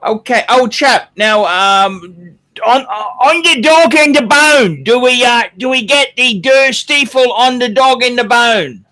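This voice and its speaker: A man voicing a pompous upper-class English gentleman with haughty, drawn-out exclamations in a put-on posh English accent. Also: very high-pitched, voice pushed up, exaggerated voice.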